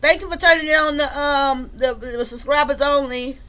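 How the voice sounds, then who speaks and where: Chatty high-voiced woman streamer. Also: moderate pace. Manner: chatty, shouts out chat members, swears freely. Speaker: livestream commentary host. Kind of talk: casual livestream commentary.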